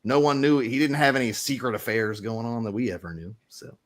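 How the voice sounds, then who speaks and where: A man's voice: medium pitch, expressive, fairly quick, lightly acted. A man playing a rambling, conspiratorial newspaper reporter as game master in a tabletop role-play. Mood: confiding. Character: gossipy middle-aged male small-town newspaper reporter.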